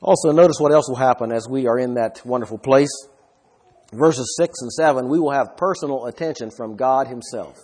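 A man's voice: mid-range voice, fairly quick, a little mellow, slightly rough. A man preaching a sermon with emphasis, often putting questions to his listeners.

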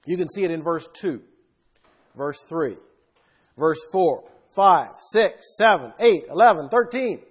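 A man preaching a sermon with emphasis, swinging between loud bursts and quiet asides. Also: sits high, expressive, unhurried, breathy edge.

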